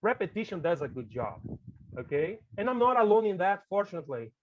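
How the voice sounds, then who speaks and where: A man's voice: high voice, sing-song, a little fast, phone-quality sound. A man with a Brazilian Portuguese accent, a native Portuguese speaker, gives a casual teacher-training talk to colleagues. He is chatty and keeps tagging his lines with "okay?" and "right?".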